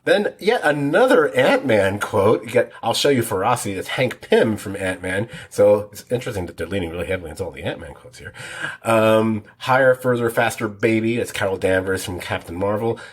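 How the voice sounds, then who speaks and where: A man's voice: fairly low pitch, lively intonation, fairly quick, slightly rough. A man co-hosting a TV podcast, rambling through details in a casual, self-deprecating way. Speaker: podcast co-host. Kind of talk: casual chat.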